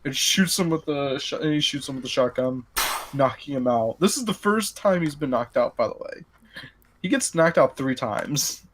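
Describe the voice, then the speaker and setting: A man, the game master, casually retelling his tabletop role-playing session in an animated, rambling way. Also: medium pitch, normal speed, a little hiss or hum. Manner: rambling, animated, lots of filler and restarts.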